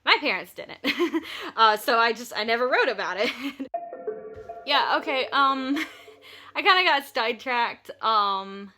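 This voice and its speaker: A woman's voice: a little high, animated, a little slow, pushed and bright, faint music behind. A young woman hosting a solo podcast, talking casually in a rambling, chatty way with lots of fillers and restarts. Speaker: podcast host.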